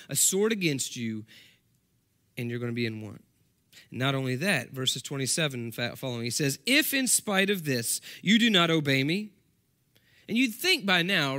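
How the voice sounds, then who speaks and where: A man's voice: on the high side, bright, forceful tone. A man, a senior pastor, preaching a sermon in a conversational way, asking the congregation questions and reading scripture aloud with emphasis.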